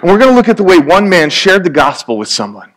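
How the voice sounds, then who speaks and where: A man's voice: sits high, sing-song, fast talker. A man preaching a sermon in a conversational, joking way, acting out little scenes.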